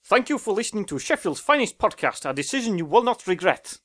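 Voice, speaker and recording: A man putting on a German accent, reading slowly and stiffly. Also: sits high, sing-song, a bit bright, pitched above the performer's own voice.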